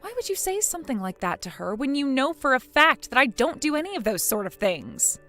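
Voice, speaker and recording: A woman's voice: high-pitched, sing-song, a little fast, bright, forceful tone, soft background music, exaggerated voice. A woman voicing a weary young wife in a text-message drama, pleading and defensive. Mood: accusing.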